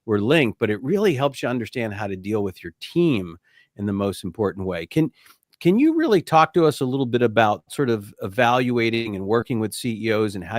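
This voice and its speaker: A man's voice: medium pitch, no echo. A middle-aged man with a mid-range voice hosts a business podcast interview. He talks in a reflective, conversational way, recorded dry and close. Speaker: host, company CEO.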